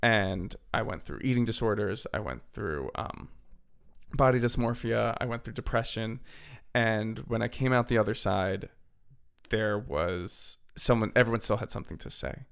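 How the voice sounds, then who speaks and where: A young man with a low, gravelly voice tells a story on his podcast in a loose, chatty way. He leans on "like" and "literally" as he goes, and his voice sounds a little worn and hoarse. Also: normal speed, a bit bright. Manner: chatty, filler-heavy, "literally" and "like". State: slightly hoarse, losing his voice. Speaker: podcast host. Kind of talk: casual storytelling.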